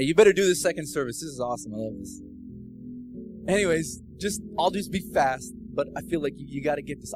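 A man giving a casual, personal sermon testimony that builds into fervent, loud preaching. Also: fairly high pitch, rough recording.

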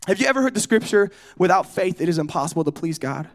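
Man, young adult, from California, casual sermon, high voice, joking, storytelling, talks to the audience. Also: animated, fast talker. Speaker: pastor.

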